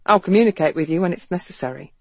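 A narrator voicing a quiet, controlled male agent who speaks low and matter-of-fact in an audiobook. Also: rapid-fire, no room sound, natural voice. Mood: quiet, guarded. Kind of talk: audiobook character reading.

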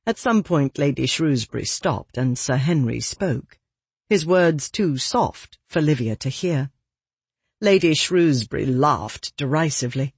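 An audiobook narrator reading a period novel in an expressive storytelling manner. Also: unhurried, breathy edge, no echo. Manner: expressive storytelling with lively pitch.

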